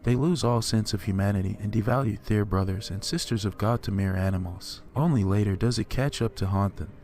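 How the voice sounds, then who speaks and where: A man's voice: on the low side, a little fast, darkish tone, lightly acted. A man voicing a kindly older bus driver with a Southern US accent, giving soothing, fatherly advice. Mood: gentle.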